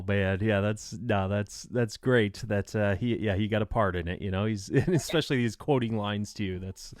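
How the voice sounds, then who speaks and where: A man's voice: fairly low pitch, smooth, dry recording, clean studio sound. A man hosting an interview podcast, asking questions with many fillers and frequent laughs. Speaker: podcast host. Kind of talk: casual interview chat.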